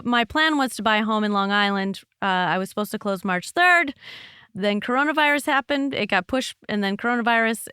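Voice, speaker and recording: A woman's voice: medium pitch, pushed and bright, clean tone, no echo, clean studio sound. A woman in her forties hosting a podcast, chatting frankly and easily. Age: 40s. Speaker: podcast host. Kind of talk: casual podcast chat.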